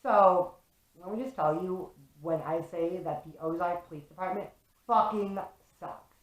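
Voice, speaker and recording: A young woman vlogger recounting a story straight to camera, animated and loose-tongued, swearing and peppering her talk with "like." Her voice sits a little low for a woman. The room around her rings with echo. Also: measured pace. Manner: animated, swears often, fills with "like". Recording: echoey room.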